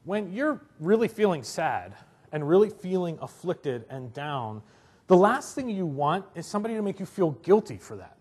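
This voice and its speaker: A man's voice: high-pitched, big pitch swings, moderate pace, darkish tone, breathy edge. A man preaching a sermon in a conversational way, acting out little quotes and often asking "right?". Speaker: pastor.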